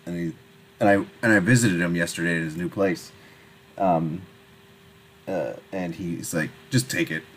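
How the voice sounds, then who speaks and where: Laid-back male podcast co-host, dry humor, lowish voice, faint hiss. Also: fairly even intonation, a little slow, pauses often, poor audio. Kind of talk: casual podcast chat.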